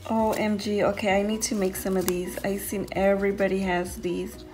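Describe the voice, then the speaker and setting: A woman hosting a casual craft unboxing vlog, gushing with excitement over each item she opens. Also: mid-range voice, normal speed, soft background music, low-quality recording. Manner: gushing, excited, says "so cute" often. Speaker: craft channel host.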